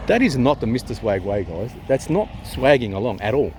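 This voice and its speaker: A man with an Australian accent ranting to his vlog camera while holding it, swearing and repeating himself, going from loud to hushed. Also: mid-range voice, very animated, quick pace, few pauses, a little hiss or hum. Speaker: vlogger. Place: outdoors near a town. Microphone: handheld camera at arm's length.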